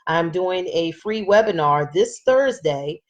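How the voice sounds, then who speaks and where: A woman's voice: lowish voice, expressive, slow pace, muffled recording. A woman hosting a casual live-stream health talk as a wellness coach, chatty and encouraging as she greets viewers by name and reads out their comments.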